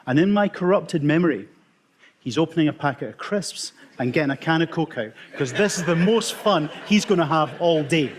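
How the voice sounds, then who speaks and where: A middle-aged Scottish man, an emergency consultant, telling wry, self-mocking stories in a talk with dramatic pauses. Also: a little high, animated, a little hiss or hum. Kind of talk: storytelling conference talk.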